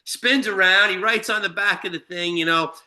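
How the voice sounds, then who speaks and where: A guest from Shelter Island, New York, speaks in a high, sharp-toned voice at normal speed. He's casually recounting a long, profane anecdote, restarting often and leaning on fillers.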